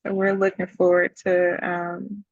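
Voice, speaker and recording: Enthousiaste vrouwelijke moderator, dof geluid. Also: female voice, lowish voice, completely flat delivery, a little slow, no room sound, muffled recording. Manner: friendly, enthusiastic, laughs easily. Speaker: webinar moderator. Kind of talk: moderating a webinar.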